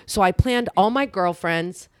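A woman telling a story in casual chat, animated and swearing freely, acting out the people she quotes. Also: medium pitch, unhurried, clear, resonant tone, dry recording, clean studio sound. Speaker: guest.

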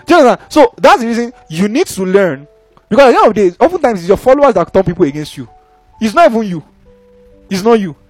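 Fast-talking high-voiced preacher. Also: male voice, faint music behind. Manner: animated, conversational, frequent rhetorical checks. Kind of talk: sermon.

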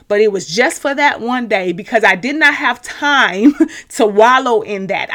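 Earnest woman sharing a faith testimony. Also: a little high. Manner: earnest, animated storytelling with frequent restarts. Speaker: podcast host. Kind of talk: personal faith testimony to a live online audience.

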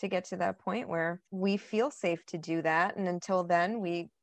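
A woman's voice: on the low side, normal speed, no echo. Woman co-host telling a story, dry sound. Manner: storytelling, animated retelling. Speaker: podcast co-host. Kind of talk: casual chat.

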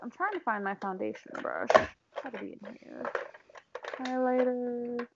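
A young woman co-hosting a casual makeup chat, excitable and bubbly, on a dull lo-fi recording. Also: fairly high pitch, heavy background noise. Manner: excitable, bubbly, quick to laugh. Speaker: co-host.

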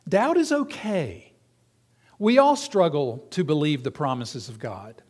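A man delivers a sermon to his congregation in a fairly high voice. He keeps it conversational, putting questions to the room as he teaches. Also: animated, unhurried, husky. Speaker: pastor.

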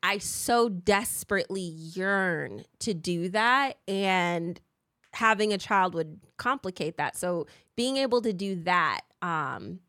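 Animated swearing woman podcaster. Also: lowish voice, takes it slowly, no room sound, clean studio sound. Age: 30s. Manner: animated, swears freely, acts out quoted people. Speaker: podcast co-host. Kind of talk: casual chat. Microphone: podcast mic.

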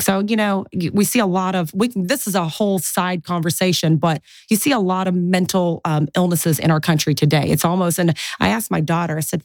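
Forties woman guest, lively storyteller, lowish voice, dry no-room sound. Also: brisk, no room sound. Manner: chatty, animated, mimics family voices in anecdotes. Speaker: guest, real estate investor. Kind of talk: casual interview storytelling.

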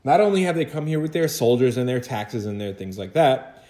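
A man with a mid-range, warm, animated voice teaches a history lesson in a roomy-sounding space. His recorded lecture is chatty and conversational, packed with rhetorical questions, asides to his students, and quick acted-out quotes.

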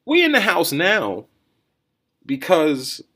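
A man hosting a solo podcast, riffing in a rambling, think-out-loud way with lots of restarts and "right?" tags. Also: a little high, huge pitch swings, takes it slowly, breathy edge. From New Jersey or New York area, USA. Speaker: podcast host. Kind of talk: casual solo commentary.

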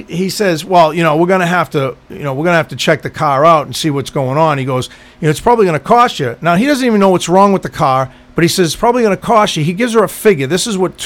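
Guy telling a wild story, kinda high voice, swears a lot, acts out the quotes fast. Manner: animated, profane, acts out quotes in quick bursts. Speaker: podcast co-host telling a story. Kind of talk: casual storytelling chat.

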